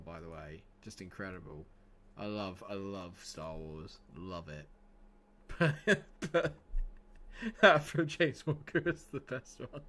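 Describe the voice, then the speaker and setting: A man's voice: on the low side, a bit bright. A man commenting casually on his live game stream, chatty and swearing freely as he talks to his chat.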